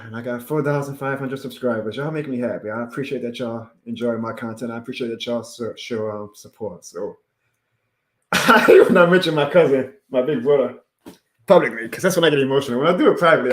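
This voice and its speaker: A man's voice: mid-range voice, reverberant. A man chatting casually on a live stream, heartfelt and rambling, laughing often and answering chat. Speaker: YouTube sports streamer.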